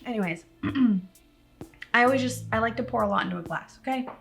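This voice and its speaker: A woman's voice: fairly high pitch, moderate pace, gravelly, fairly bright tone, faint music behind. Chatty young woman doing a makeup tutorial. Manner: rambling, self-deprecating, talks to viewers. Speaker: makeup vlogger. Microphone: camera on a tripod.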